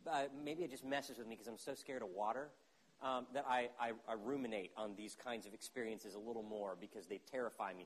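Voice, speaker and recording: A man preaching a sermon, animated, swinging between loud urgency and hushed, intense moments. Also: mid-range voice. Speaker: pastor.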